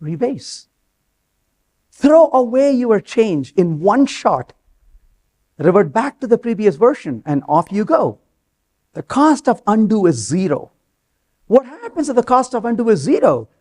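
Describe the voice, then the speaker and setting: A man's voice: sits high, a little slow, long pauses. A man giving a live conference talk on stage, telling stories animatedly and acting out the dialogue. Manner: animated storytelling, acts out quoted dialogue. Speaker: conference speaker.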